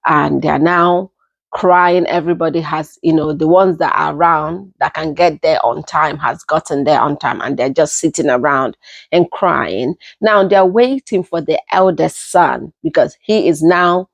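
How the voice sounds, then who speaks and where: A young woman with a Nigerian accent telling a personal story in an unhurried, casual way, often repeating herself as she goes. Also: sits low, gravelly, no echo, lo-fi sound. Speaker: storytelling vlogger.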